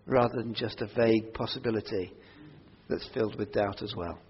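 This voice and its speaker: Husky-voiced man preaching in a reverberant hall. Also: on the low side, a little fast. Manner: earnest, swings from quiet prayerful asides to loud emphatic declarations. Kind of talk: sermon. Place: church hall. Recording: dull audio with long hall reverb.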